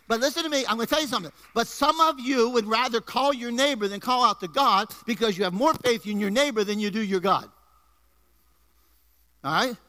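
In a church before his congregation, a male pastor preaches energetically in a high, bright and forceful voice that climbs as he builds emphasis. He tosses in asides and jokes to the people in the pews.

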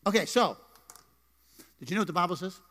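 A man's voice: high-pitched, expressive, fairly quick, a bit bright. A man preaching a sermon in a church, playful and joking with his congregation. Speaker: pastor. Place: church sanctuary. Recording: live church hall reverb.

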